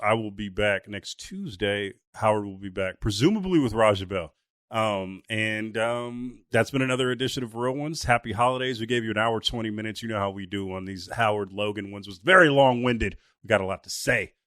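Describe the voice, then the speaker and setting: A man with a low voice chats on a podcast, relaxed and playful, dropping slang as he goes. The mic is close and dry, with no room around him. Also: dry recording. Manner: laid-back, slangy, playful. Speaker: podcast co-host. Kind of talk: casual podcast chat.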